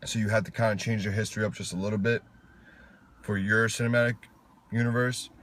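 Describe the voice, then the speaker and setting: Deep-voiced opinionated man chatting films. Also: flat delivery, fast, fairly bright tone. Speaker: co-host reviewing films. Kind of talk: casual chat. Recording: faint background noise.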